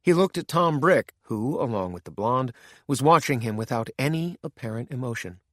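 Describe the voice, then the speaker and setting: A man narrating a thriller audiobook in a measured, steady way, recorded on a close studio mic. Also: mid-range voice, dry recording.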